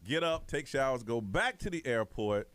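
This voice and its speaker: With a mid-range voice at a moderate pace, an American man on morning radio tells a story casually and animatedly, taking on the voices of the characters. He's in a radio studio, and the recording has no echo.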